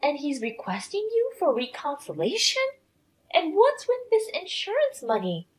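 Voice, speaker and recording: A sick young wife pleads in a high, whining voice, bitter and spiteful underneath, as a woman narrator puts her on. Her tone swoops widely as she complains. It is a storybook drama read aloud. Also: wildly swooping pitch, moderate pace. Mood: whiny.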